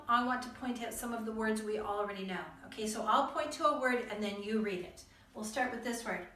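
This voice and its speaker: A woman's voice: fairly high pitch, pushed and bright, roomy sound, recorded from a distance. A woman teaching young children to read, patient and encouraging, spelling out words letter by letter. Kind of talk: reading lesson for young children.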